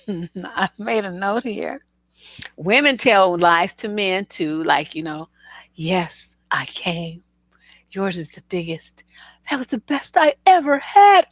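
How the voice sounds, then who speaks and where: A woman's voice: medium pitch, fairly bright tone, no room sound. Blunt, laughing woman relationship coach. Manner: laughing through anecdotes, blunt and profane. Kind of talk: casual commentary with storytelling.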